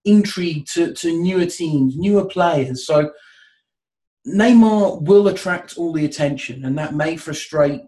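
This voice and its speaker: A man with a voice a little higher than usual talks through a football question on a podcast. He thinks aloud and circles back with fillers as his ideas form. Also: measured pace, dark tone, poor audio. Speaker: football pundit. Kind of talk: casual podcast discussion.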